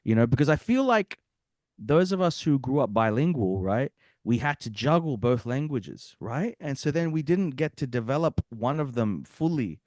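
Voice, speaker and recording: A young man with a mixed Australian and Bosnian accent talks as a guest musician, tumbling through tangents and asking whether he makes sense. His voice rises and falls with lively swings. The sound is close and dry, with no room around it. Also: mid-range voice, moderate pace, dry recording. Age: young adult. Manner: rambling, animated, asks if he makes sense. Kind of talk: casual interview chat.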